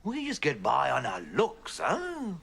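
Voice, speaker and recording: Cast a pompous, boastful British Pakistani father with a strong Pakistani accent. His voice sits high and leaps all over, and he talks slowly. The sitcom track behind him is noisy and clicky. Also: huge pitch swings, vocal fry, full character voice. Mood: fatherly. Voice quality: boastful, bossy, self-satisfied. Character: pompous middle-aged Pakistani British dad.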